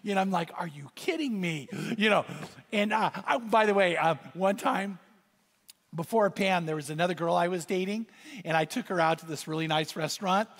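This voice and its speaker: A man preaching a sermon as pastor, telling stories with animated, rising exclamations. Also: sits high, a little fast. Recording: reverberant hall sound.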